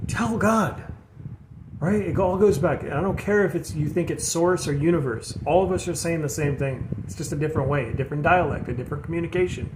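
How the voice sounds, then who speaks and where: A man giving a casual spiritual tarot reading, earnest and rambling, often repeating himself and calling his viewers "you guys". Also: on the high side. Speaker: tarot reader. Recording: echoey room with background noise.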